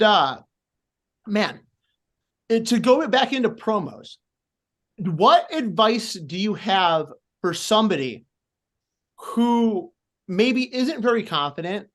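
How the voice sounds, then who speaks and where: Rambling young wrestler asking questions. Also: male voice, high voice, fairly bright tone. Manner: rambling, many fillers and restarts, eager and apologetic. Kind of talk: casual interview questions.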